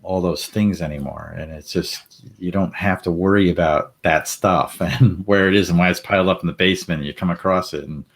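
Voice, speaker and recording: Deep-voiced man telling a story with laughs. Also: a little fast. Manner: animated, laughs often, acts out quoted voices. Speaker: panel guest. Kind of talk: casual storytelling.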